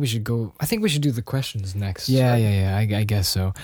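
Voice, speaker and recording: A man's voice: mid-range voice, brisk, few pauses, dark tone, no room sound, clean studio sound. Rambling young man, slightly nasal. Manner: rambling, self-deprecating, many restarts. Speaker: podcast host. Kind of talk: casual solo podcast chat.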